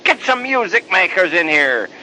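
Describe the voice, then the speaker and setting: Man doing a low, gentle old father, warmly stumbling over words. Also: animated, slight background noise, heavily acted, low-quality recording. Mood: overjoyed. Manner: soft, tender, halting repeats. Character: loving old father, tender and overjoyed.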